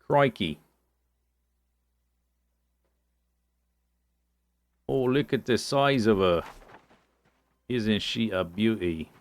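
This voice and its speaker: A man's voice: mid-range voice, drawn-out words, vocal fry, a little mellow. A man doing a brash mock-Aussie outback bloke. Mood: delighted. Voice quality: over-the-top mock Australian twang.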